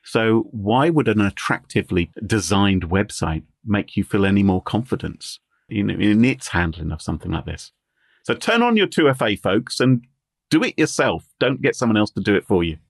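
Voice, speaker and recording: A man in casual podcast chat, wry and joking. His voice is low and slightly husky with a lively, animated pitch, recorded dry and close with no room sound. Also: no room sound. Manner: wry, joking, quick asides. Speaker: guest co-host.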